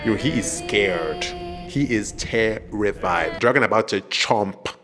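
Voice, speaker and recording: A man giving casual reaction commentary, animated and jokey, laughing often and acting out characters in playful voices. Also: on the low side, measured pace, music in the background. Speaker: reaction video host.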